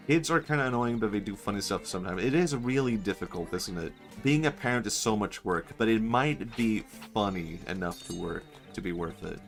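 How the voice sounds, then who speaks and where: Male streamer, low register, loose joking delivery over quiet game music. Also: lively intonation, moderate pace, hardly any pauses. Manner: rambling, joking, often laughing. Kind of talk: casual gaming stream chat.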